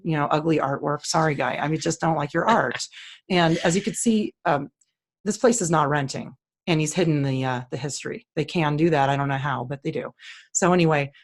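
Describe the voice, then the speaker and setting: A woman with a low-pitched voice talks casually and bluntly. She walks through listings on screen, opinionated and plain-spoken. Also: a little fast. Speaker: co-host. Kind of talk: casual screen-share commentary.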